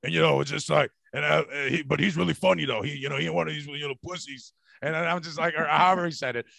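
A man hosting a podcast in a loose, rambling, profane chat, with a slightly high, gravelly voice that has a bright edge. The sound is dry and close. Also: fairly even intonation, fast talker, dry recording. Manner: profane, rambling, laughs loudly. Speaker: podcast host. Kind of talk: casual chat.

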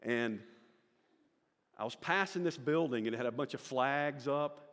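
A man's voice: medium pitch, unhurried, fairly bright tone, long reverb tail. A man in his sixties with a Southern American accent gives a personal church testimony, telling stories in a folksy way and acting out the voices of the people in them. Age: 60s.

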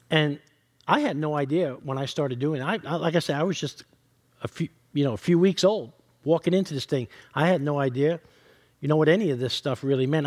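A male pastor preaching a sermon, reading scripture and teaching in an earnest, direct way. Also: fairly high pitch.

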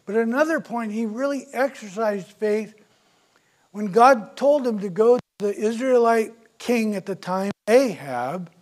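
A male pastor preaching a sermon, retelling scripture stories with big swings from loud to soft. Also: sits high, lively intonation, a little slow. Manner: storytelling, dramatic swings in loudness.

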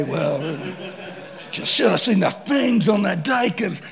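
Animated gravelly preacher man. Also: high voice, takes it slowly. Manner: animated, shouts and laughs through stories. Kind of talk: comedic sermon storytelling.

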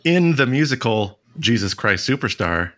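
A man's voice: medium pitch, sing-song, normal speed, fairly bright tone. A man in his thirties running a casual trivia podcast round, rambling a bit and laughing often. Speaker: trivia quizmaster.

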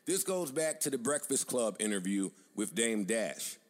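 A man speaking in an assertive, deliberate way, lecturing his critics with confidence. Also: lowish voice, animated. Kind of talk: confident commentary.

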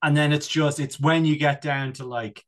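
A man's voice: a little high, steady tone, moderate pace. A man from Ireland, a podcast co-host chatting casually, rambling and joking with lots of fillers and restarts. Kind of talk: casual chat.

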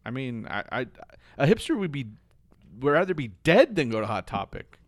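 Male co-host, average pitch, halting storyteller, dry sound. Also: very animated, no echo. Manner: storytelling, halting, many restarts. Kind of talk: casual chat.

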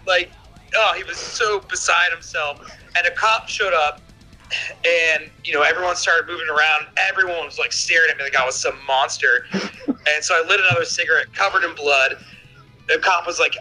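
A young man telling a listener story in a rambling, profane, animated way, on a voicemail. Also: a little high, normal speed, soft background music, rough recording.

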